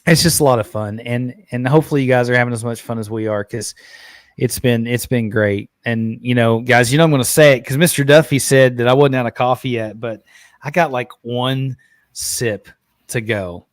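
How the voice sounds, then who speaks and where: A man's voice: mid-range voice, normal speed, dry recording. Laid-back man on a dry mic. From Arkansas. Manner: relaxed, laid-back, laughs easily and says "man" often. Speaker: podcast host. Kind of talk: casual live-stream chat.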